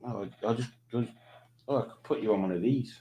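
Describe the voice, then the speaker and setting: This is a man at a middle pitch, hosting a relaxed stream from home. He reads viewer comments aloud, jokes about them and rambles between answers in a casual, chatty way. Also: a little fast, slight background noise. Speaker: livestream host.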